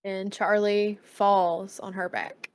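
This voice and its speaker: A woman's voice: medium pitch, level tone, takes it slowly, smooth. A woman playing a tabletop game, declaring her cleric's actions in casual talk. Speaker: player.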